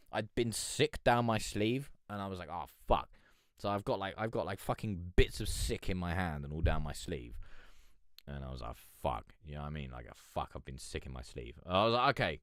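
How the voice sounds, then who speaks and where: A man's voice: low-pitched, fairly bright tone, no room sound, studio quality. A young man hosting a casual live stream, telling a rambling story full of swearing and fillers. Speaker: livestream host.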